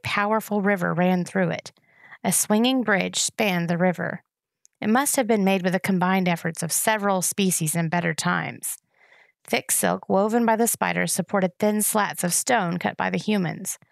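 A woman reading a novel chapter aloud in steady, even storytelling. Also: medium pitch, creaky, no echo, clean studio sound. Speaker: reader.

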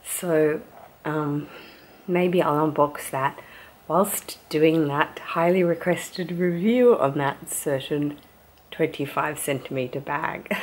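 Chatty low-voiced Australian woman vlogging. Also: slow pace. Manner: chatty and rambling, hushed at times. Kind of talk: casual vlog chat. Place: at home.

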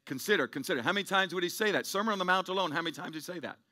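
A middle-aged man preaching a church sermon in a high, ringing voice. He rambles and circles back on his words, then builds to forceful, emphatic peaks. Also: rapid-fire. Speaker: pastor.

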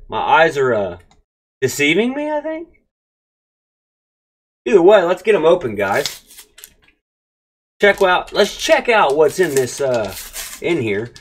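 A man hosts a casual pack-opening vlog, gushing over each card and talking straight to his viewers. His pitch swings widely, climbing high when something excites him and dropping low in between. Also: slight background noise. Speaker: card-opening channel host.

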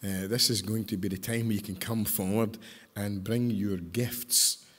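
A man's voice: on the low side, fairly even intonation, a little slow, husky. An older man with a Scottish accent, talking to a congregation in a chatty, joking way and asking the audience questions. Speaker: speaker at a church service. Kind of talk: storytelling talk to a congregation. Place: large church hall. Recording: hall reverb.

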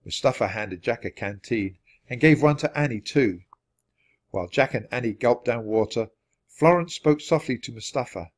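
A man with a voice of middle pitch narrating a children's chapter book. He reads at an even, natural pace and keeps the storytelling clear. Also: moderate pace. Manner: steady, clear read-aloud pacing. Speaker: storybook reader.

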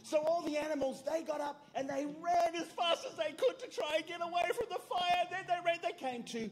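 A woman telling a lively children's story at church, asking the children questions and getting them to join in. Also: very high-pitched, fairly quick. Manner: animated, playful, asks the children questions. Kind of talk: children's story with audience prompts. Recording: long church hall reverb.

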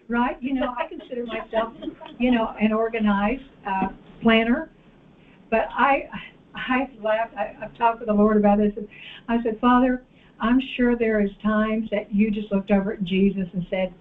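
A woman preacher delivering an animated sermon and calling out to the congregation in a church. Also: a little high, moderate pace, a little hiss or hum. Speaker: guest preacher. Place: church sanctuary. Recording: tinny phone-like audio.

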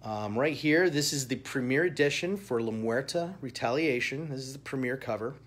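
A man hosts a live comic-shop sales stream, chatting warmly with his viewers. He talks at an easy, conversational pitch, upbeat, and breaks into laughter often. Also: normal speed, slightly rough. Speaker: shopping show host. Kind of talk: live-stream product showcase.

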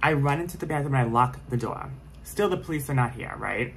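A man's voice: medium pitch, lively intonation, fairly quick, creaky, a bit bright, slight background noise, low-quality recording. A young man telling a scary story in a casual vlog, rambling with lots of fillers and restarts.

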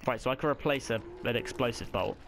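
Man, casual game commentary, mid-pitched, swears a lot, background noise audible. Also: quick pace. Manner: chatty, swears often, reacts loudly to the game. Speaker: let's play gamer.

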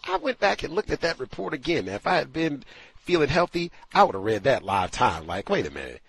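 A man's voice: medium pitch, big pitch swings, fairly quick, vocal fry, a bit bright, slightly rough, no room sound. A man hosting a call-in talk show, speaking in an emphatic, incredulous monologue. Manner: emphatic, incredulous, acts out quotes. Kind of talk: opinionated radio monologue.

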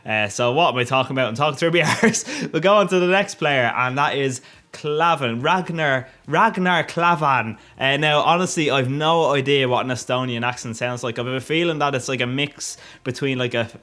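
A man's voice: medium pitch, normal speed, bright, forceful tone. A man giving casual, cheeky commentary over a football video game, cracking crude jokes. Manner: cheeky, crude joking with frequent laughs. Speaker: gaming YouTuber.

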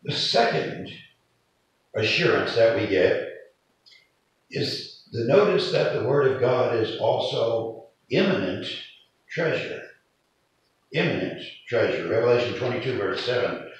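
A man's voice: mid-range voice, very animated, moderate pace. A man preaching a sermon, with emphatic rises in his delivery. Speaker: pastor. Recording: echoey hall from far off, faint noise.

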